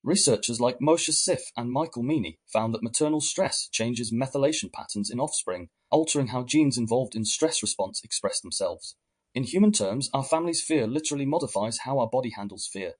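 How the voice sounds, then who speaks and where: A man giving calm, measured scripted narration in a reflective tone. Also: mid-range voice, breathy edge. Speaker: podcast narrator.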